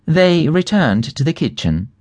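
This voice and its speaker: A man narrates a children's storybook audiobook, lively and expressive with a wide-ranging, slightly high voice. The recording is dry and close to the mic. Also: unhurried, dry recording.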